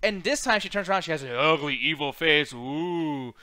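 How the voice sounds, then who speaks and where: High bright-voiced guy cohosting, cursing a lot and going off about a movie. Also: normal speed, clear, resonant tone. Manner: profane, ranting, animated. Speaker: podcast co-host. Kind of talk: casual movie chat.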